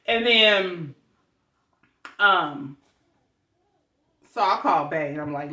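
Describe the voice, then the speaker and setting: A young woman vlogger telling a story in a chatty, animated way, talking straight to her viewers. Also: fairly low pitch, slow, long pauses, reverberant.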